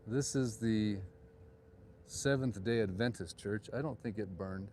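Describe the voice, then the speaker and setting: A man's voice: on the low side, measured pace, darkish tone, slight background noise. A middle-aged man hosting a live walking tour at night, chatting and digressing as he goes, recorded on a phone outdoors. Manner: rambling, digressive, chatty asides. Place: outdoors on a town street at night.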